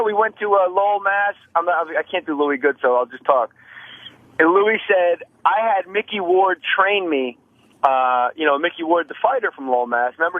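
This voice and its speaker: A man calling in to a radio show, telling rapid, profane stories and acting out other comedians' lines. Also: a little high, no echo, phone-quality sound. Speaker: phone-in comedian guest. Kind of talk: animated phone-in storytelling. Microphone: phone line.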